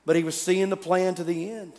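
Male pastor, high voice, dramatic storytelling sermon, long hall reverb. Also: flat delivery, a little fast. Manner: dramatic storytelling, swinging from loud to hushed.

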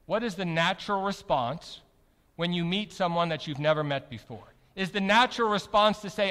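Male preacher, high voice, emphatic sermon delivery, long hall reverb. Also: normal speed. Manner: emphatic, rhetorical questions, swings from loud to soft.

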